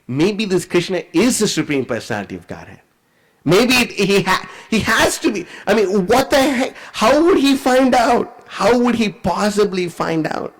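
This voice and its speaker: A man's voice: a little high, very animated, quick pace, hardly any pauses. A man voicing a stunned proud prince.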